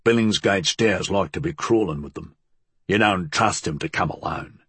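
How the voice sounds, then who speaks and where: A man voicing a rough, bearded male thief who talks gruffly. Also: low-pitched, moderate pace, a bit bright, no echo, exaggerated voice.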